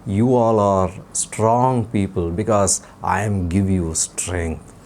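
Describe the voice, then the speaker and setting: A man voicing an eager, boastful little boy puppet in a children's skit, in a high squeaky childlike voice. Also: steady tone, slow pace, darkish tone. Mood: amazed.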